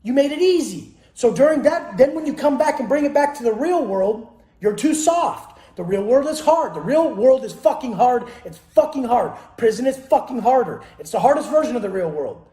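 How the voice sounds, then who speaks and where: A man's voice: extremely high pitch, lively intonation, normal speed, dark tone, roomy sound. A man giving an intense motivational monologue, blunt and heavily profane, firing off rhetorical questions. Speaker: motivational speaker.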